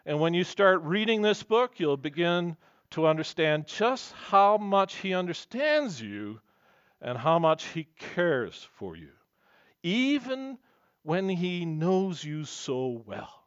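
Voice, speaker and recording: A man's voice: high voice, very animated, slow, fairly bright tone, smooth, no room sound, highs cut off. A man preaching a sermon as pastor, earnest and emphatic, weaving in personal stories.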